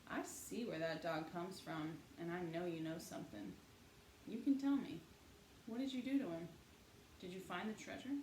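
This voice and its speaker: A woman's voice: fairly low pitch, normal speed, darkish tone, close to an everyday voice. A woman voicing a pushy, nosy, chatty boy with a wheedling way of talking. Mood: needling. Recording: echoey room, faint hiss.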